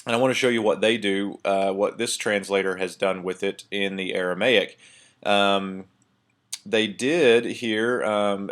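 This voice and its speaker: A man giving a casual recorded lesson on a Bible passage, thinking aloud with many pauses, fillers and restarts. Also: lowish voice. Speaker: Bible teacher. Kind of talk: screen-share lecture on Hebrew text.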